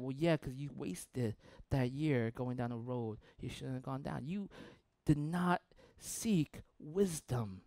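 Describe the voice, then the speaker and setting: A young man preaching a sermon as pastor, animated and playful, acting out the voices of people he quotes. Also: fairly high pitch, measured pace, no echo.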